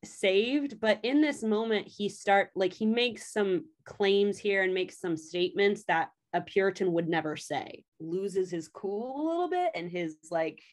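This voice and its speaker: A woman's voice: medium pitch, expressive, a little slow, few pauses. A woman in casual chat, animatedly retelling a story's plot and swearing freely as she quotes the characters. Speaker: podcast co-host recapping a story.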